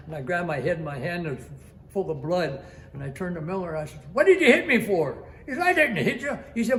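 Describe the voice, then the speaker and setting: A man's voice: a little high, darkish tone, a little hiss or hum. Elderly man, vivid dramatic storyteller. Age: 90s. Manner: vivid and dramatic, repeats phrases, imitates sounds. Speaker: retired Coast Guard master chief telling a rescue story. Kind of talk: personal storytelling.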